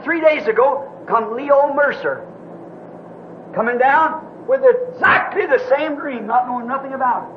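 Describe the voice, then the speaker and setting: A man with a strikingly high voice preaches fervently as a minister, swinging from hushed tones up to shouts with real passion. The recording is dull and lo-fi, with a faint hiss beneath it.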